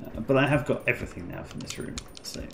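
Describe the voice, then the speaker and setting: A man's voice: medium pitch, fast talker, vocal fry. A man playing a game on stream, giving matter-of-fact, wry commentary. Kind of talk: casual let's-play commentary. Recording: noisy stream mic.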